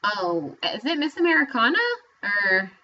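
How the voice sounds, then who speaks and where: A woman co-hosting a casual book-chat podcast, chatty and quick to laugh. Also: medium pitch, muffled recording. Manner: chatty, laughs often, animated. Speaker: podcast co-host.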